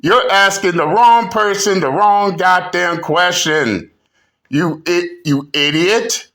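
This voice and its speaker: A man's voice: sits high, slow pace, sharp tone. A man hosting a commentary channel, ranting combatively with insults and frequent restarts. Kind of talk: reaction rant commentary.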